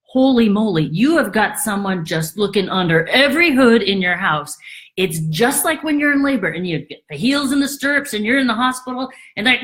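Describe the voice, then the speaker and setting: A woman realtor talking casually to camera, acting out quoted worries in a higher voice. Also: fairly quick. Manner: animated, acts out quoted thoughts in a high voice. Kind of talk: casual explainer monologue.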